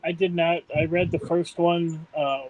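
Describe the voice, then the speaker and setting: A man's voice: fairly high pitch, little pitch movement, unhurried, highs cut off. A man co-hosting a casual comics podcast with a dry manner. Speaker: podcast co-host. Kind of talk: casual chat.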